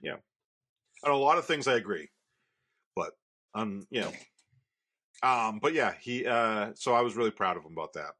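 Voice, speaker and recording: A man's voice: fairly low pitch, expressive, normal speed, pauses often, sharp tone. A man in his thirties co-hosting a podcast, telling stories about his son in a rambling casual way with many restarts. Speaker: podcast co-host. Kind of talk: casual chat.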